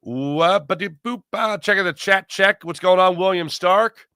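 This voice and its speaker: A man hosting a live sports stream, chatting casually, reading viewer comments aloud and doing quick ad reads. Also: high voice, sharp tone, clear, resonant tone, no echo, studio quality. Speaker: sports show host.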